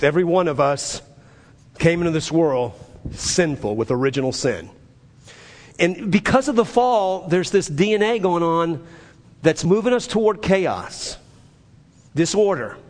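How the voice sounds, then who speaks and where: A man preaching a sermon as pastor, building up loud and high, then dropping to a low, quiet voice. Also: big-room sound.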